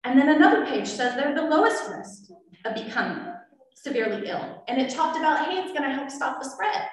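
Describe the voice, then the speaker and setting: Very animated and fairly quick, a parent with a high voice speaks during public comment at a school board meeting. She is earnest, becoming increasingly emotional and forceful, recorded from afar in an echoey hall.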